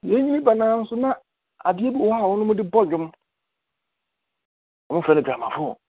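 A man's voice: high voice, sing-song, a little fast, slightly rough, dry recording. An older man reminiscing in casual chat, telling stories and mixing in English words. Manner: storytelling, mixing English words into his speech. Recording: tinny phone-line call.

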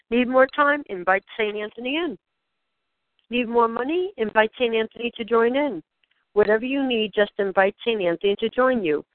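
A woman leading a channeled spiritual guidance session, speaking in gentle, questioning prompts to the listener. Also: fairly high pitch, no echo. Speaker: spiritual guide. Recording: dry, tinny phone-like sound.

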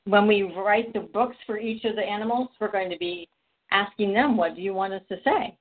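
A woman's voice: medium pitch, brisk. A woman telling a long, rambling story in casual conversation, with frequent restarts and quoted dialogue. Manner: chatty, rambling, many restarts. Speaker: podcast guest. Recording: phone-like audio.

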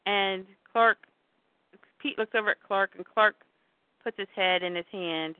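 A woman's voice: medium pitch, unhurried, pauses often, clean tone, no room sound. A woman recaps a television episode in a loose, chatty way. She slips into the characters' lines as she goes. The sound is dry and narrow, like a phone line. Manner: retells scenes, briefly voicing the characters' lines. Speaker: podcast host recapping a show. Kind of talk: casual recap, reading out scenes. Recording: tinny phone-like audio, dry.

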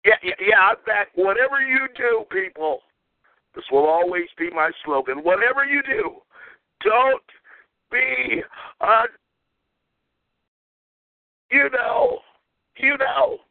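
A man's voice: high voice, lively intonation, slow pace, vocal fry, long pauses, no room sound. A man hosting a call-in talk show, ranting in an irate, repetitive way and trailing off mid-insult. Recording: tinny phone line.

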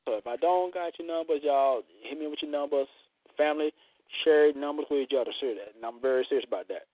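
A man hosts a loose radio show, cracking bawdy jokes and slipping into other people's voices. His voice sits a little high. It comes through thin and tinny, like over a phone line, with a dry sound. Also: quick pace, no echo. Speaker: show host. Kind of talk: casual radio show talk.

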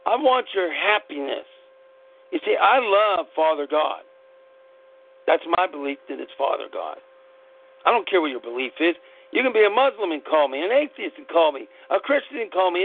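Gravelly blunt man on a tinny line. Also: high-pitched, very animated, moderate pace. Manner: blunt, folksy, preachy and emphatic, swears casually. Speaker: podcast host. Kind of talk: impassioned personal monologue. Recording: tinny phone-line sound with mains hum.

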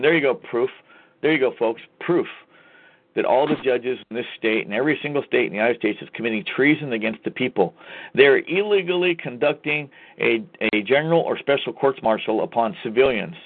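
Man, furious profane rant, talk host, mid-pitched voice, tinny phone-like sound. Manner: angry, profane, emphatic. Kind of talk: ranting call-to-action monologue.

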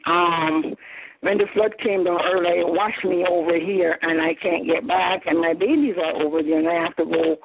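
A woman's voice: on the low side, fairly even intonation, moderate pace, a little hiss or hum, natural voice. A woman telling of a sly scorpion on a tinny phone line. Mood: pleading. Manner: smooth-talking, wheedling. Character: sly persuasive male scorpion, pleading then mocking.

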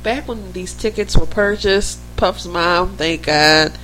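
A woman's voice: lowish voice, slow pace, fairly bright tone, a little hiss or hum, rough recording. A woman from the Philadelphia–New Jersey area co-hosting a podcast, chatting casually and speaking straight to her listeners. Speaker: podcast co-host. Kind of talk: casual chat.

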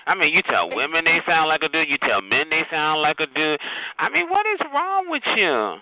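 A man's voice: a little high, big pitch swings, normal speed, a crowd in the background. A man hosting a phone chat line, mocking a caller with campy taunts and calling him child and honey. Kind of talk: sassy mocking roast. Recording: tinny phone line with hiss.

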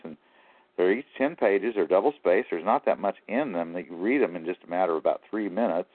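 Over a tinny phone line, a man with a low voice phones in as an interview guest, recounting his story in a rambling, aggrieved manner. There is no room sound.

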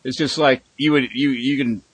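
Swearing podcast guy rambling on and on, mid pitch, dead dry mic. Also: fairly even intonation, normal speed, breathy edge, dry recording. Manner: rambling, profane, emphatic. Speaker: podcast host. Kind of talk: casual chat.

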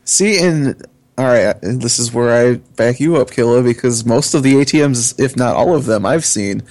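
This is a man with a mid-range voice co-hosting a casual podcast. He talks in a relaxed, wry way. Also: medium pitch, normal speed.

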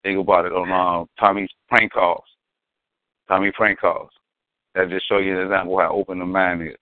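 Here a male podcast co-host with a low voice tells stories at a moderate pace, keeping his tone level. His manner is casual, slangy and emphatic. There's no echo, and the audio has a dry, phone-like lo-fi character.

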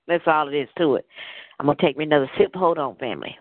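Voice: mid-range voice, quick pace, no room sound. A call-in radio show host rambling through a casual monologue, blunt and profane in a storytelling way. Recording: dry, phone-like narrowband audio.

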